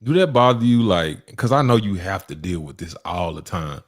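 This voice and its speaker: A man's voice: sits low, animated, normal speed. A man from Texas, co-hosting a casual stream chat, asking follow-up questions and swearing a lot. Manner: probing, profane, trails off.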